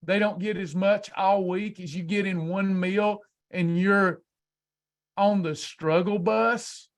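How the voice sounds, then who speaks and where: A man's voice: sits high, steady tone, slow. A man coaching a class on weight loss in an emphatic, preacher-like motivational speech full of rhetorical questions.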